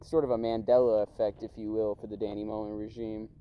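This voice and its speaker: A man's voice: lowish voice, level tone, fast, clean tone, muffled recording. A man from Houston rambles in a profane, slangy way while driving, coughing often. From Houston, Texas. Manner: profane, slangy, meandering rant with frequent coughs. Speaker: vlogger. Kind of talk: casual rambling monologue. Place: inside a car while driving. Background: car engine and road noise.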